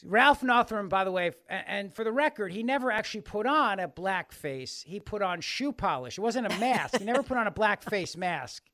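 Male radio host, high bright voice, sarcastic, joking. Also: animated, normal speed, hardly any pauses, dry recording. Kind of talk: comedic radio talk.

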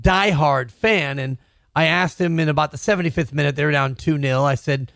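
A man's voice: on the high side, brisk, creaky, a bit bright, no echo, studio quality. A middle-aged man co-hosting a podcast, making jokes and wordplay in casual sports talk. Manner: jokey, wordplay-loving. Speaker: podcast co-host.

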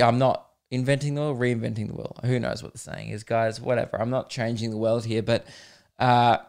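A young man, hosting a podcast and telling a comedic story in an animated, swearing way, laughing at his own jokes. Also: medium pitch, smooth. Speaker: podcast host.

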